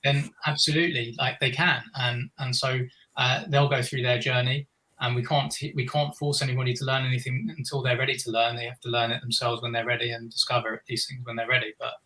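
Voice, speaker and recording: Earnest, rambling man with a bright voice. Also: medium pitch, flat delivery, brisk, poor audio. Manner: earnest, meandering, many restarts. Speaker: guest. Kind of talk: reflective conversation.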